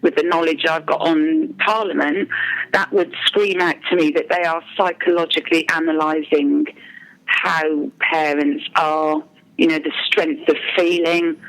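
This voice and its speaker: A woman's voice: low-pitched, a bit bright, poor audio. A mother speaking as an interview guest, telling her account hesitantly with frequent ums and restarts. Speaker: parent speaking anonymously as a guest.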